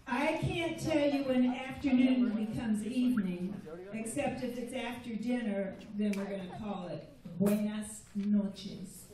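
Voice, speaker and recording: Slow, patient woman teaching Spanish phrases. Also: on the high side, distant mic. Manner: slow, patient, repeats phrases for students to echo. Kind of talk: classroom phrase lesson. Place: school room with a crowd of students. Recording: echoey room recorded from afar with crowd.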